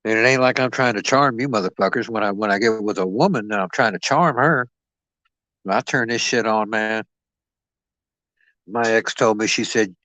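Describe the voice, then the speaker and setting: Man, boastful, profane, rambling live-stream host, lowish voice, dry sound. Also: moderate pace, pushed and bright, no room sound, poor audio. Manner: rambling, boastful, swearing freely, talks to chat. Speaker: boxing livestream stand-in host.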